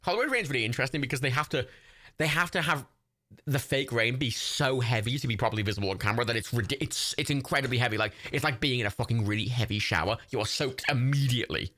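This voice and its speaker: A man's voice: mid-range voice, fast, sharp tone. A man hosting a livestream watch party, giving casual, chatty commentary over a film, swearing freely and breaking into laughter. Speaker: livestream host.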